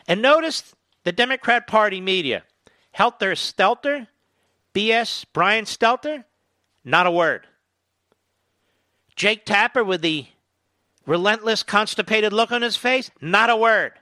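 A man's voice: high-pitched, big pitch swings, slow pace, long pauses, dry recording. A man hosting a political talk show, delivering a combative, indignant monologue into a studio mic. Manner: indignant, emphatic, rising to loud outrage.

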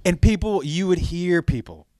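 A man's voice: high voice, normal speed, dry recording, clean studio sound. A man hosting a casual comedic chat, telling stories and acting out the strangers in them. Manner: animated storyteller acting out quoted strangers.

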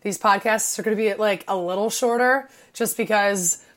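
Excitable young woman from illinois chatting on a podcast, says like a lot, gushes. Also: medium pitch, moderate pace. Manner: excitable, gushing, heavy on "like" fillers. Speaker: podcast co-host. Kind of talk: casual podcast chat.

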